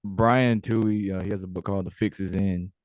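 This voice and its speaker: Young male guest, lowish voice, easygoing with fillers, dry close sound. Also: brisk, no room sound. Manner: relaxed, lots of filler words. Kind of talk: casual interview.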